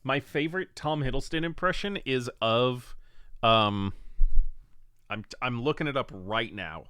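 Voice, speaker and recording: A man's voice: medium pitch, a little slow, pushed and bright, clean tone, no room sound, studio quality. A man streaming from home, chatting casually and swearing freely while he watches clips. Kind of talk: casual chat.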